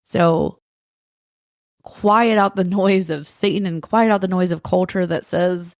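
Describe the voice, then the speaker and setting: Woman, podcast co-host, low gravelly voice, flat pitch, earnest tender delivery. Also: a little slow, dry recording, clean studio sound. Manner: earnest, tender, speaking directly to listeners. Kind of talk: heartfelt faith-based talk.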